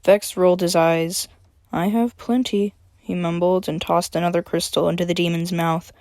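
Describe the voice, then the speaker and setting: A woman's voice: fairly low pitch, monotone, moderate pace, a little mellow, no echo, clean studio sound. Woman reading her own story aloud. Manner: chatty intro with fillers, then plain reading.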